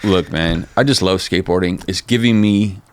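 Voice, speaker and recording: A middle-aged man telling stories in a casual interview, animated and profane, full of "dude" and "man.". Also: low voice, moderate pace, clear, resonant tone. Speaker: interview guest, former skateboard company manager.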